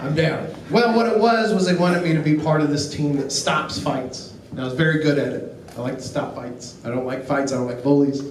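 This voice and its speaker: A middle-aged man works a comedy club stage, telling family stories with a dry, deadpan delivery and acting out the lines of the people in them. His voice sits high for a man. The recording is echoey and picked up from a distance, with faint room noise underneath. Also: fairly quick, hardly any pauses. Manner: deadpan storytelling with acted quotes. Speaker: stand-up comedian. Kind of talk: stand-up set. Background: audience laughter.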